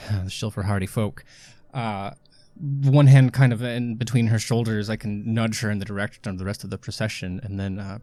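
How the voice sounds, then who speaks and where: Low-voiced man playing a tabletop game. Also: darkish tone, no room sound. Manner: eager, stammering, describing actions. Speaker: player. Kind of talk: in-character tabletop play.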